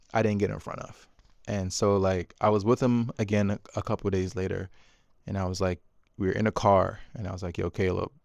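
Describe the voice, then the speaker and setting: A man's voice: deep voice, dry recording, clean studio sound. A man telling a candid personal story about his son in a casual, confessional way, full of fillers and self-quotes. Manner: quotes himself with bursts of louder emphasis. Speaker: dad coach and video host.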